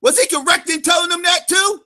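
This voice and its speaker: A man hosting his own channel, ranting heatedly and profanely in a vlog and often shouting. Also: very high voice, a little fast. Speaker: channel host.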